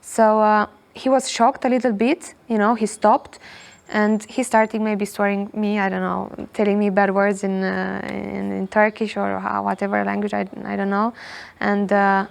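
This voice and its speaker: A young woman, telling a story as a podcast guest in a hostel, animated and repeating herself often. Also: medium pitch, moderate pace, creaky. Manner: animated, repeats words, frequent "you know". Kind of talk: casual storytelling in English.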